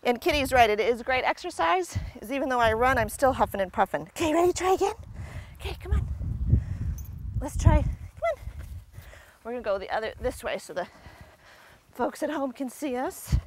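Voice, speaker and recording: A woman's voice: sits high, expressive, fairly quick, pauses often, noisy background. A woman working as a dog agility trainer outdoors, coaching and explaining as she works a dog, breaking into squealing praise and frequent laughter.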